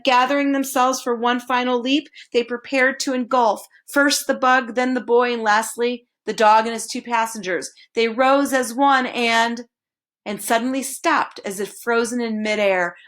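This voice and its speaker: A woman reading a children's novel aloud, expressive and slowing down on dramatic phrases. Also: fairly high pitch. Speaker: storybook reader.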